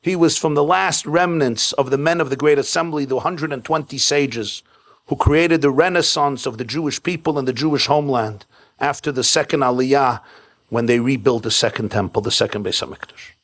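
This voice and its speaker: Speaking at a moderate pace in a medium-pitched, fairly bright voice, a rabbi gives the keynote sermon at a home event for a live audience. He mixes jokes with stories, leaning on short, punchy, repeated phrases.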